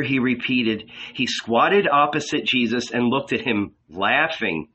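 A man reading a novel aloud in deliberate, dramatic literary narration. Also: mid-range voice, husky, highs cut off. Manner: slow, expressive, deliberate. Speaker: audiobook reader.

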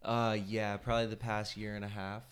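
A young man chatting on a podcast in a laid-back, slangy way, often trailing off quietly. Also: on the low side, monotone, brisk. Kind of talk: casual chat.

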